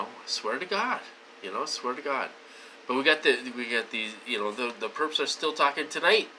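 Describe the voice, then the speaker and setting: A man rambles to his viewers in a casual monologue, circling back and repeating himself through lots of fillers. His voice has a very bright, sharp edge at an ordinary pitch. He swings from loud, emphatic bursts down to low mutters, with a faint hiss of noise behind him. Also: rough recording. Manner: rambling and repetitive, with many fillers. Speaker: vlogger.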